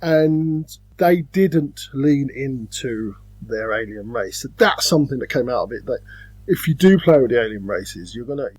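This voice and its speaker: Guy cohosting a games podcast, bouncy up and down pitch, goofy voices here and there. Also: moderate pace, husky, no echo. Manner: animated, slips into silly put-on voices. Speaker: podcast co-host. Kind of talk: casual chat about board games.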